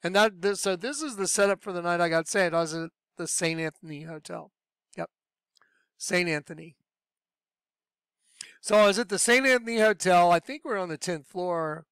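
A man telling his personal religious testimony in a lively storytelling way, acting out what he said back then. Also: high voice, moderate pace, pauses often, smooth, no room sound, studio quality. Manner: animated storyteller, acts out his own past voice. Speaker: speaker sharing a religious testimony.

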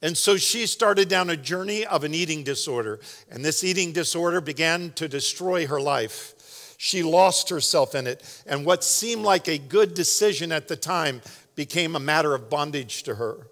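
A man preaches to his congregation in a loose, conversational style, dropping little jokes along the way. His voice sits fairly high for a man. The sound carries the long reverb of a big church hall. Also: moderate pace, a bit bright. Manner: casual, joking, conversational preaching. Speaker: pastor. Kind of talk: sermon. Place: large church sanctuary.

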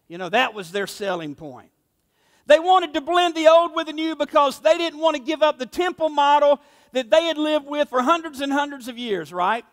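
A man's voice: very high voice, fairly bright tone, big-room sound. A male pastor preaching a sermon, emphatic and conversational, acting out the voices in his stories. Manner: emphatic, conversational, acts out quotes.

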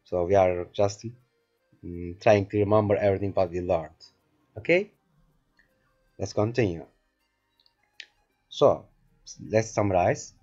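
A man teaching a beginner language lesson online, going over the rules patiently and slowly and checking in often with his learners. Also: sits low, darkish tone, highs cut off, soft background music. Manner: patient, slow drilling, keeps asking "remember?".

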